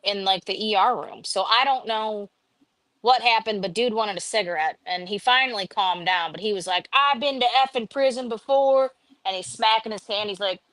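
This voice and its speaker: A woman tells a story on a casual live stream. She is animated and acts out the other people's lines with a lifted voice. The recording is close and dry, with no room sound. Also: medium pitch, normal speed, dry recording. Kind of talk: casual chat.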